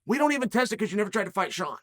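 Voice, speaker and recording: A man's voice: high-pitched, sing-song, rapid-fire, fairly bright tone. A man hosting his own commentary show, talking emphatically and firing rhetorical challenges at the audience. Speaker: commentator host. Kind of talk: animated solo commentary rant.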